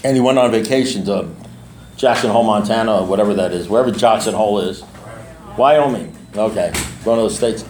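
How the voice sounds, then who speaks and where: A man's voice: fairly low pitch, a little fast, darkish tone, slight background noise. Blunt, streetwise man in an echoey room. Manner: blunt, streetwise, repeats himself for emphasis. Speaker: recovery meeting speaker and sponsor. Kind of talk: recovery meeting talk. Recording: echoey room with faint ambience.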